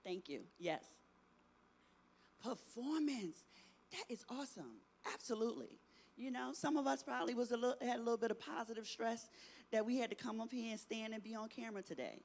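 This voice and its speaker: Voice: mid-range voice, fast, creaky. Middle-aged presenter quizzing teens. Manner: keeps asking the audience, tags "right?". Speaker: youth workshop presenter. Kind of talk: interactive talk to teens.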